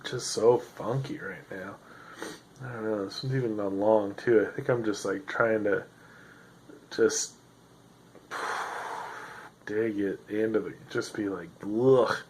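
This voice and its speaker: A man's voice: lowish voice, fairly even intonation, slow pace, pauses often, darkish tone, a little hiss or hum, poor audio. A man hosting a solo podcast, rambling in a sardonic, self-deprecating way with lots of fillers, sounding tired. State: tired, yawning. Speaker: podcast host.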